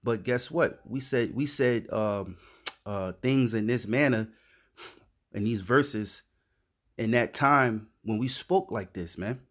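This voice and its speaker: A man's voice: medium pitch, slow pace. A man teaching scripture informally, reading verses aloud and explaining them in slangy street talk, often adding "man" and "you know". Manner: reads verses then riffs in slangy street talk, says "man" a lot. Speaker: street preacher.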